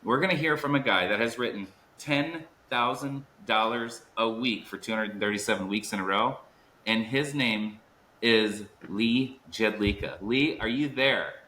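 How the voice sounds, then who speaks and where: An upbeat man hosts a podcast, building excitement and leaning hard on key words. His voice is bright and forceful. The room around him rings with echo. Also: medium pitch, a little hiss or hum. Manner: upbeat, hype-building, drawn-out emphasis. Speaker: podcast host. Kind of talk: energetic podcast chat.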